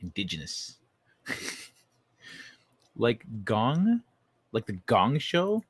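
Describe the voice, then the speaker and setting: A man hosting a casual late-night stream, reading chat messages aloud in a loose, profane way. His voice sits at an ordinary pitch, and the recording is dry and close with no room sound. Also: very animated, slow, pauses often, fairly bright tone, husky, no room sound. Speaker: livestream host.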